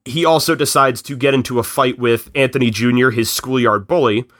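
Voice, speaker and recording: A man recapping a film in casual podcast chat, telling it in an animated way and slipping into quick voices for the characters. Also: mid-range voice, no room sound, clean studio sound.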